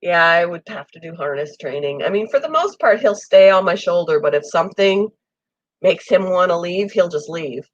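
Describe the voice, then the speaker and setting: A woman's voice: lowish voice, animated, normal speed, dry recording, lo-fi sound. Woman with a cold, chatting about pets. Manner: rambling, friendly, many ums. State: has a summer cold, coughing. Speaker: pet channel host. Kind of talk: casual live chat with viewers. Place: home room with air conditioner.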